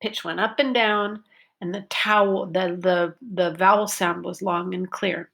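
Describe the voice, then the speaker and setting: A woman teaching a pronunciation lesson, speaking slowly and carefully and drawing out words to show pitch changes. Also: fairly even intonation, gravelly, a bit bright. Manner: slow and deliberate, stretches words to show pitch. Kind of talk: slow, careful classroom lesson.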